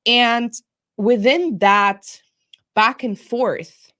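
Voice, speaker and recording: A woman's voice: on the high side, extremely slow. Blunt, profane woman co-host. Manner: animated storytelling. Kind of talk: casual political chat.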